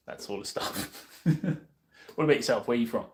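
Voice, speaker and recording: An Australian man chats casually to his live-stream while working on a motorbike, muttering to himself along the way. He speaks at a normal pace with a medium-pitched voice, and the room sounds echoey.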